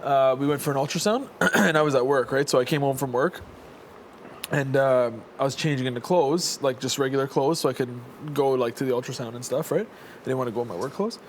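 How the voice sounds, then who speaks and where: A man's voice: medium pitch, brisk, slight background noise. A young man telling a rambling story in casual chat, full of fillers and restarts. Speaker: houseguest.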